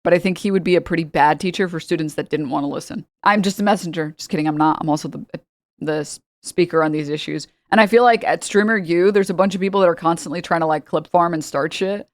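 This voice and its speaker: Young woman, streamer, rambling jokey chat, lowish voice, dry close sound. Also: fast talker, no echo. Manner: rambling, joking, many fillers. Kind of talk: casual reaction commentary.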